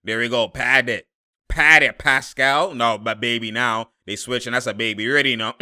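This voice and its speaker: A young man reacting live to a basketball game, exasperated and slangy, laughing and shouting at the plays. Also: mid-range voice, steady tone, normal speed, clean tone. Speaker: sports commentator reacting to a game.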